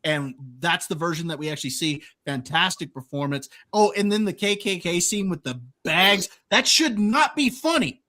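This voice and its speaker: A man co-hosting a podcast in casual chat, animated and laughing often as he retells movie scenes. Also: high voice, normal speed, few pauses. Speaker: podcast co-host.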